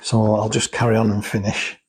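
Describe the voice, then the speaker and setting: A man's voice: on the low side, flat delivery, a little fast, slight background noise, low-quality recording. A man talking casually and explaining things step by step, thinking aloud and restarting sentences as he goes. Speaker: guest explaining cosmetic chemicals. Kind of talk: casual chat.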